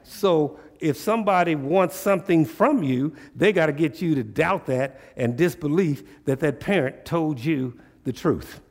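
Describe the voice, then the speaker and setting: A male pastor delivers a sermon in a casual, conversational dialect, drawing his congregation into call-and-response through rhetorical questions. His voice is slightly high for a man and a little mellow, echoing through a church hall with a long reverb tail.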